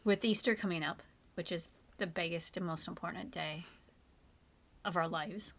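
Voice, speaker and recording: A woman's voice: on the low side, a bit bright. Earnest middle-aged woman podcast host. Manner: earnest, emotional, slows down for emphasis. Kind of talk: faith podcast conversation.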